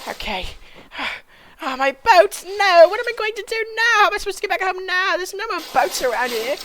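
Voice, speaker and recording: A woman's voice: extremely high pitch, animated, a little fast, pushed and bright, heavily acted. A woman voicing a panicky male time traveller, with frantic, repetitive exclamations in amateur comedic acting. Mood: dazed.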